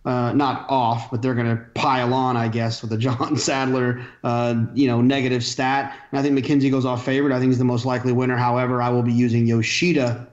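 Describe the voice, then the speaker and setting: A man's voice: mid-range voice, little pitch movement, brisk, few pauses, reverberant, highs cut off. A man who handicaps horse races on a podcast panel, making his picks with dry sarcastic humor.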